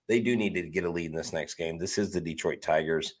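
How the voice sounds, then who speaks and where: A man co-hosting a sports podcast, talking in an animated, joking and emphatic way. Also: low voice, fast talker. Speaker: podcast co-host. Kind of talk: casual sports podcast chat.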